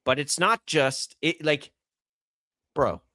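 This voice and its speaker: A man's voice: on the high side, slow pace, bright, forceful tone, slight background noise. A middle-aged man hosting a sports radio show, ranting incredulously in casual banter.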